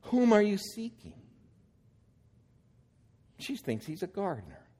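Slow, expressive male preacher. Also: sits high, breathy edge. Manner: reads scripture aloud, then explains it with rising emphasis. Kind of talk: sermon.

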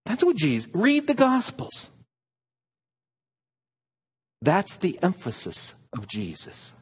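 A man's voice: high voice, huge pitch swings, measured pace, breathy edge, in a large hall. A man preaching a sermon, emphatic and stressing single words.

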